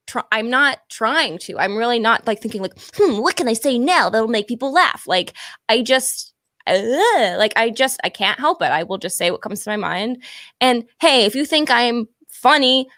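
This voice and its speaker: A woman in casual chat on a call-in show, talking candidly and quickly, laughing at herself and full of fillers. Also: on the high side, expressive, bright, forceful tone, dry recording, clean studio sound.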